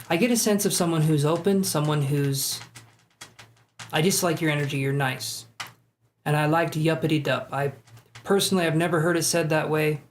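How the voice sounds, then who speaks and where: A live-stream tarot reader with an easygoing, chatty delivery and self-deprecating asides. The voice sits at a middling pitch. A faint background hiss runs under the talk.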